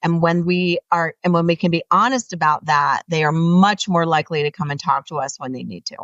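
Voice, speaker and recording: Animated woman guest, distant dull mic. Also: a little fast, no echo. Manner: animated, earnest, rises in pitch when making a point. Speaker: author guest. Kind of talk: interview conversation.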